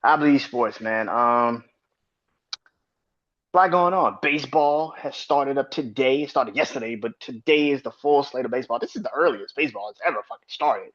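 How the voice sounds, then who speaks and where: A man in his thirties hosting his own sports podcast, talking loosely and swearing freely, his voice jumping high when he rants. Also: normal speed, a bit bright, dull audio. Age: 30s. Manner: loose and profane, rants with sudden high-pitched outbursts. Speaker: podcast host. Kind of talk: casual solo sports podcast.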